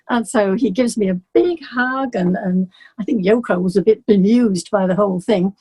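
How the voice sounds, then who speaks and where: An older English woman, a singer being interviewed, telling stories in a lively way and acting out the people she quotes. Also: mid-range voice, moderate pace, slightly rough. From England. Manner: animated storyteller, acts out the people she quotes. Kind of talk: casual storytelling.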